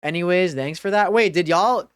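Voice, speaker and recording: A woman's voice: lowish voice, normal speed, clear, resonant tone, no echo, studio quality. A woman streamer giving live gaming commentary, reading dialogue choices aloud and swearing in dismay.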